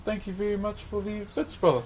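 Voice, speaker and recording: A man's voice: sits high, steady tone, fairly quick, darkish tone, slight background noise. A young man with a New Zealand accent, chatting casually on a live stream while he carves wood, laid-back and laughing often. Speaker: streamer and woodcarver.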